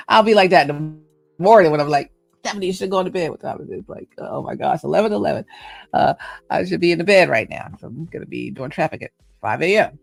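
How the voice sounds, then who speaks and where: A woman's voice: on the low side, animated, fast, gravelly, no room sound, soft background music. A middle-aged woman with a Southern US accent, hosting a casual reflective monologue, chatty and playful as she muses aloud. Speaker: host.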